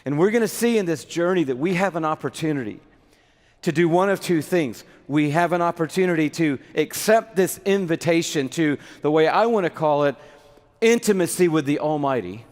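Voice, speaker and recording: A middle-aged man preaches with an animated delivery and slips into little acted scenes. His voice sits fairly high. The sound carries a long reverb from a large hall. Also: moderate pace. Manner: animated, acts out little skits with props. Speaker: pastor. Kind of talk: sermon.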